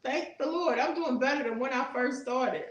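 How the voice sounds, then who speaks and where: A woman's voice: high-pitched, moderate pace, echoey room, low-quality recording. A woman in her sixties hosting a casual live stream, chatting with viewers and reading their comments aloud, with churchy asides. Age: 60s. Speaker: YouTube host reading live chat.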